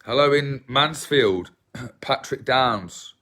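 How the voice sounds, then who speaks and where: A man's voice: mid-range voice, slow pace, pushed and bright. An English man with an English accent chatting casually with viewers on a livestream, self-deprecating and rambling. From England. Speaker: livestream host.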